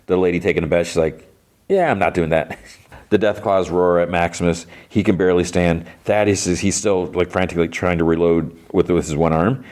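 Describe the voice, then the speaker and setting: Man, very low voice, podcast host, loose rambling recap, lots of fillers. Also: steady tone, a little mellow. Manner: rambling, filler-heavy retelling with quick quoted lines. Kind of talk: casual episode recap.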